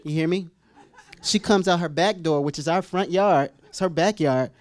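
A man preaching a humorous storytelling sermon as pastor, acting out scenes with sudden high squeals and laughter. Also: moderate pace. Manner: animated, acts out voices with sudden high-pitched squeals and laughs.

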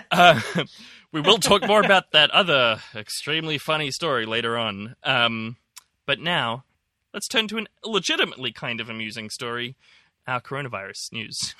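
A man's voice: mid-range voice, sing-song, moderate pace, sharp tone, no room sound, clean studio sound. A young man co-hosting a casual news podcast, rambling with lots of "like" and a wry tone. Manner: rambling, many likes, wry. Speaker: podcast co-host.

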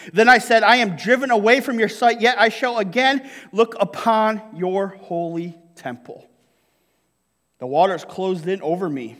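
A male pastor preaches to his congregation in a church sanctuary, cracking jokes and repeatedly checking in with "right?". His voice sits high, trailed by a long reverb.

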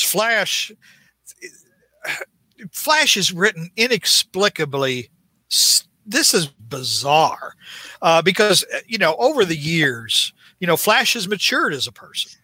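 A man's voice: on the high side, bright, forceful tone, no room sound. A man hosting a casual podcast, recapping a comic book in a rambling, exasperated way, full of restarts. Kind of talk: casual chat.

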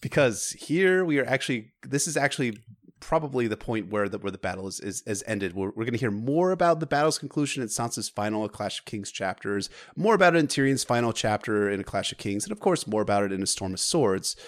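A man co-hosting a podcast, casually analysing a book's battles, animated and profane with frequent restarts. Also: medium pitch. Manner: animated, swearing, halting restarts. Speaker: podcast co-host.

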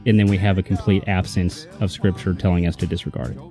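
A man's voice: low-pitched, fast, warm tone, faint music behind. A man teaching a Bible lesson in a casual, emphatic way, often checking in with his listener. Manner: conversational, emphatic, checks in with "right?".

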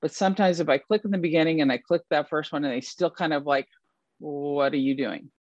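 Man, interview guest, casual chat, animated, laughs a lot, slightly muffled recording. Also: on the high side, fast, dry recording. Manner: animated storyteller, laughs often. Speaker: dog sport event photographer, guest.

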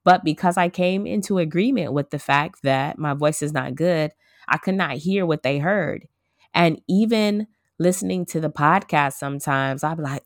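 Low-voiced woman podcaster in her thirties. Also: unhurried, dry recording, clean studio sound. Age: 30s. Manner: earnest, reflective, addresses listeners directly. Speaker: podcast host. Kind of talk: casual solo podcast talk.

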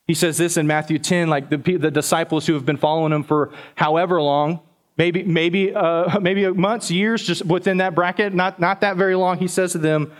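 A man's voice: fairly high pitch, steady tone, a little fast. A man preaching a sermon as pastor, talking conversationally to the congregation and often repeating words.

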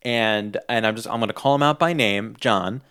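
A young adult man co-hosts a casual podcast with a smooth, resonant, lowish voice. He tells stories enthusiastically and rambles a little. The recording is dry and close. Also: normal speed, a bit bright, dry recording. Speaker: podcast co-host. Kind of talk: casual chat.

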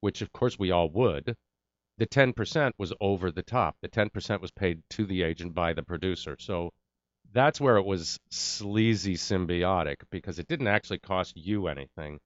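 A man's voice: low voice, moderate pace, dry recording, dull audio. A middle-aged man telling a casual story about his acting career, acting out the voices of the people he quotes.

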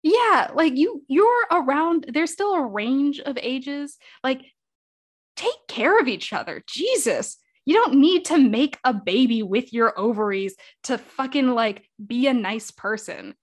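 Profane, animated woman podcast co-host. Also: high-pitched, unhurried. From United States. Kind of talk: casual film chat.

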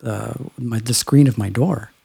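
A man's voice: mid-range voice, measured pace, vocal fry, background noise. A man co-hosting a casual chat, rambling through stories with lots of fillers. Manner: rambling, storytelling with filler words.

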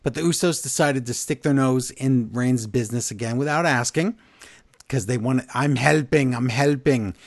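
A man co-hosting a podcast, recapping events in casual chat, animated and blunt with his opinions. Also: medium pitch, normal speed, dry recording, studio quality. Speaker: podcast co-host.

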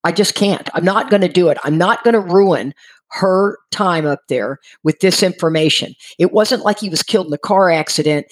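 A middle-aged woman telling a personal recovery story, animated and acting out the people she quotes. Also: on the low side, normal speed. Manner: animated, acts out quoted voices, frequent restarts. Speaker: speaker sharing a recovery story.

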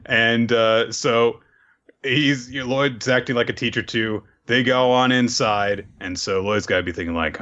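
A man in casual chat recapping a cartoon episode, animated and laughing as he acts out scenes. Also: mid-range voice, unhurried, muffled recording.

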